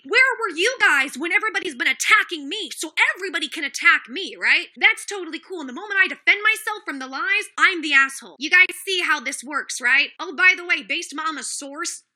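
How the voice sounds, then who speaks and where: Angry woman streamer, high piercing voice, profane and defensive, calling out commenters. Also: bright, forceful tone. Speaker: livestreamer. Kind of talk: heated livestream rant.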